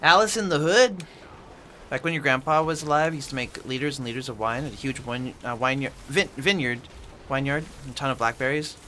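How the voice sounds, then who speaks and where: A man's voice: medium pitch, fast talker, bright, forceful tone, slight background noise. A man streaming at home from his apartment, casually chatting with viewers and answering their chat messages aloud as he plays.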